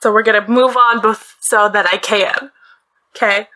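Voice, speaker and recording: A podcast host from the northeastern United States covers a true-crime case in casual, chatty conversation sprinkled with laughs. Her mid-range voice is steady, bright, and forceful at a moderate pace, and she's recording in a small, closet-like bedroom.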